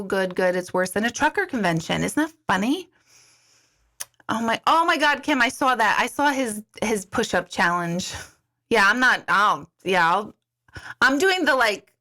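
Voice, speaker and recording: A woman's voice: medium pitch, sharp tone. A middle-aged woman chatting casually on a livestream, answering viewer comments in a chatty, giggly way with many restarts. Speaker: intuitive coach hosting a livestream. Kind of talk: casual live chat reading viewer comments.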